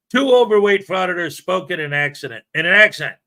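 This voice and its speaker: A man's voice: high voice, animated, moderate pace, pushed and bright. A man hosting a casual livestream, chatting loosely, telling jokes and greeting viewers by name. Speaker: livestream host. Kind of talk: casual live-stream chat.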